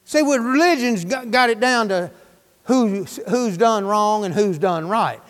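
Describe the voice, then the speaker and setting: High-voiced preacher in a reverberant hall. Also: male voice. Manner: folksy, fervent, rapid-fire questions to the congregation. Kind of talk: sermon.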